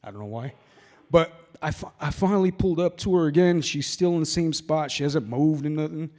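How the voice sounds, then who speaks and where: A forties-aged man performs a rambling, freely profane stand-up set at a sober open mic held in a large hall. He talks briskly, his fairly high voice carrying a somewhat dark tone.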